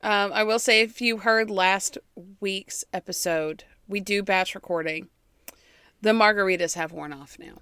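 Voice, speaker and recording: A woman's voice: mid-range voice, a little slow, bright, forceful tone, clear, resonant tone, no echo. A woman co-hosting a history podcast in casual chat, giggly and self-mocking, rambling a bit. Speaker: podcast co-host.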